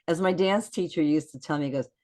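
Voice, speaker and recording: A woman with a low voice talks fast as a guest on a podcast video call. She tells stories in casual conversation, animatedly acting out what people said.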